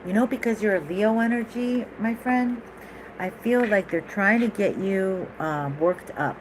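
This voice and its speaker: A woman's voice: mid-range voice, unhurried, background noise. A woman giving a casual tarot reading in a chatty, rambling way, laughing often and going off on asides. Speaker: tarot reader.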